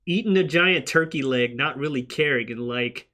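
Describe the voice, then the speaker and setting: A man hosting a casual movie-review podcast, ranting loudly and swearing often. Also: medium pitch, normal speed. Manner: profane, animated ranting. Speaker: podcast host.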